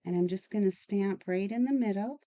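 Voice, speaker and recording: A woman's voice: mid-range voice, moderate pace, warm tone. A woman hosting a casual card-making tutorial, chatty and enthusiastic as she works. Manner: chatty, enthusiastic, talks while working. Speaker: craft channel host.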